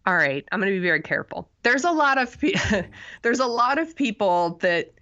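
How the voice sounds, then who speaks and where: A woman's voice: a little high, very animated, fairly quick, pushed and bright, dull audio. A woman co-hosting a podcast, talking through a movie review in a loose, rambling way with lots of fillers and self-deprecating laughs. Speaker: podcast co-host. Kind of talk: casual movie review chat.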